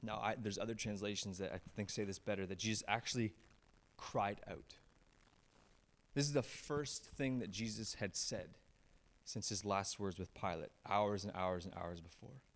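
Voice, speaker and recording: Man preaching with rising and hushed lines. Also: normal speed. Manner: animated storyteller, swings from raised emphatic lines to low hushed ones. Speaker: pastor. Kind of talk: sermon.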